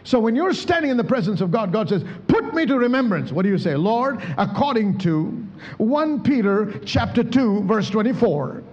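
A man's voice: sits high, big pitch swings, moderate pace, darkish tone, long reverb tail, highs cut off. A male pastor preaching a sermon, calling out to the congregation for responses and acting out prayers as he speaks. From India. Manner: preaching with emphatic calls to the church.

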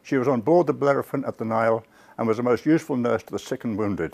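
A man giving a public history lecture to a live audience. He tells the story with lively asides to the listeners and corrects himself mid-word. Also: mid-range voice, quick pace, gravelly. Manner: self-corrects and restarts words.

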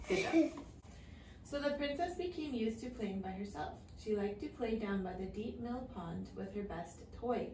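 A woman's voice: a little high, expressive, normal speed. A woman teaching English to young children, reading a storybook aloud and asking them patient, simple questions. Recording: echoey room, far from the mic, faint noise.

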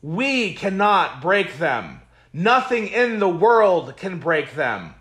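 Slow, emphatic preaching man. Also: high-pitched, sing-song, fairly bright tone. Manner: emphatic, repetitive preaching cadence; reads scripture aloud with comments. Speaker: pastor. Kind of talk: Bible study teaching.

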